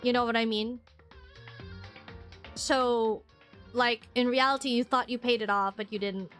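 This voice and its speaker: A woman's voice: on the high side, steady tone, unhurried, fairly bright tone, faint music behind. A woman streamer in casual live-stream chat, rambling and chatty with lots of fillers and frequent laughs.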